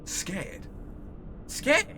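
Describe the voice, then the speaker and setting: A jittery fussy scholar. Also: male voice, fairly high pitch, very animated, normal speed, a bit bright, slight background noise. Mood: terrified. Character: anxious fussy male scholar, high-strung.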